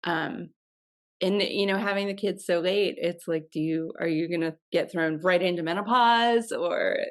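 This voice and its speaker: Reflective low-voiced woman in her forties. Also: normal speed. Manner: reflective, hesitant with fillers. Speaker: guest health coach. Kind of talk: casual interview chat.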